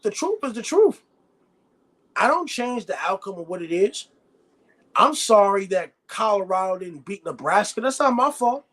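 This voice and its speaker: High-pitched man ranting bluntly. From United States. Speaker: sports show host. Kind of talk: live sports reaction stream.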